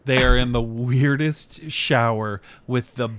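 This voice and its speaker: A man co-hosting a casual movie podcast, retelling scenes in an animated, exaggerated way. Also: mid-range voice, slow pace, clean tone, dry recording. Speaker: podcast co-host.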